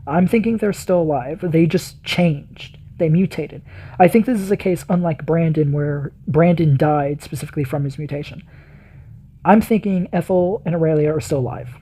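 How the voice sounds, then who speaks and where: A man's voice: fairly high pitch, normal speed, mellow, slightly rough. A man hosting a reaction video, giving enthusiastic, rambling commentary full of fillers.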